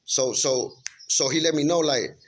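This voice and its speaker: A man's voice: mid-range voice, normal speed, slight background noise. A man earnestly recounting a spiritual vision in casual, informal speech, full of restarts and repeated checks with the listener. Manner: earnest, rambling, many restarts and "you know what I'm saying"; emphatic, informal storytelling. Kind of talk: casual spoken testimony.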